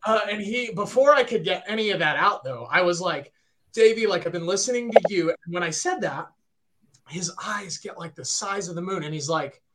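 A man in his thirties, a guitarist, telling a story in casual chat, animated and excitable, full of "like" and "right?". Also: high-pitched, normal speed, noisy background.

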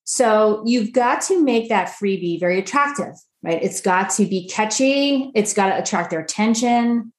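A woman guest on a podcast explaining marketing in a lively, conversational way, full of rhetorical questions. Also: medium pitch, normal speed, hardly any pauses. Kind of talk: conversational interview answer. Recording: roomy echo.

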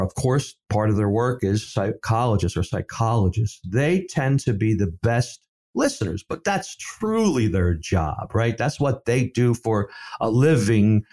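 A middle-aged man, a safety professional, telling stories in a conversational interview and acting out the dialogue he quotes. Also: on the low side. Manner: animated storyteller, acts out quoted dialogue. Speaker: safety professional and seminar speaker.

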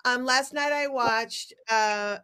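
Bright, irreverent woman host. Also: a little high, takes it slowly, clean tone. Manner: irreverent, profane, wry storytelling. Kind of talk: casual comedic chat.

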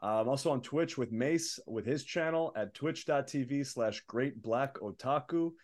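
A young man, a wrestler guest, telling stories in a casual interview with rising excitement. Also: mid-range voice, normal speed. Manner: animated, building excitement in stories.

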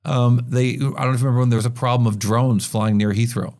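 A man hosting a business news podcast, talking through market stories in a conversational way with quick asides and frequent restarts. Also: medium pitch, steady tone, darkish tone. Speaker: podcast host.

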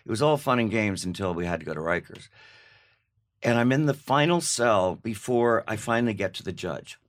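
A middle-aged man telling a long personal anecdote in casual chat, animated, with laughs and restarts. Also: fairly low pitch, moderate pace. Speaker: guest. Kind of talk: casual storytelling.

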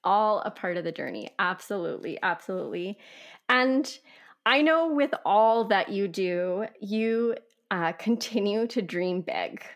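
A woman's voice: medium pitch, animated, a little slow. A woman hosting a podcast interview, affirming what her guest says and asking long open questions. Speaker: podcast host. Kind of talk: conversational interview.

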